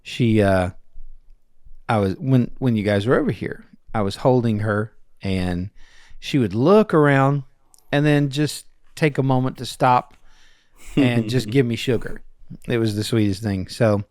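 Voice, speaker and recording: A man's voice: medium pitch, a little slow, a little mellow, no echo, studio quality. A man in his forties, a podcast co-host, telling family stories in a rambling, chuckling way with many restarts. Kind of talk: casual chat.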